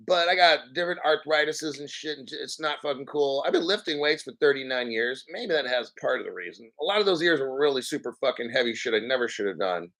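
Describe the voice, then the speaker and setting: A man's voice: medium pitch, fairly bright tone. A man in his fifties hosting his own crypto channel, ranting casually to viewers in a mocking, profane, rambling way. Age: 50s. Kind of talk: casual unscripted rant to viewers.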